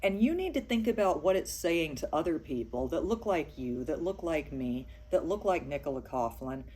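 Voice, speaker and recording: A woman co-host speaking earnestly and directly to one person, in a measured way. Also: sits low, very animated, darkish tone, breathy edge. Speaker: podcast co-host. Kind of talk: direct address to camera.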